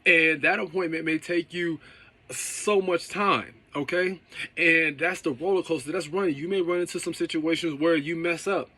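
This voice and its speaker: A man's voice: a little high, steady tone, normal speed, bright, forceful tone. A man who runs a car detailing business, giving a casual motivational talk and often checking in with "okay?" and "right?".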